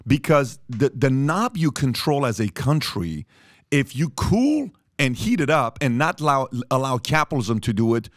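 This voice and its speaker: A man's voice: mid-range voice, very animated, normal speed, no room sound. A man hosting a studio talk show, speaking casually and animatedly, repeating himself for emphasis with many fillers. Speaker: podcast host.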